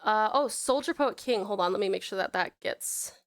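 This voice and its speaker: A woman's voice: medium pitch, normal speed. An Australian woman from Tasmania streaming and chatting casually while gaming, playful and self-mocking, with the odd swear. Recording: music playing behind. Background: game music.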